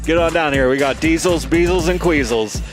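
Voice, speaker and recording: A man voicing a loud, brash car-dealership pitchman with hard-sell ad patter. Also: a little fast, over music, lightly acted.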